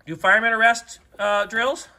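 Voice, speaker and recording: A woman playing with toy cars alongside a child, narrating the action in an animated way with sound effects. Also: on the high side, moderate pace. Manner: animated, makes sound effects and voices for toys. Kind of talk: playful toy play narration.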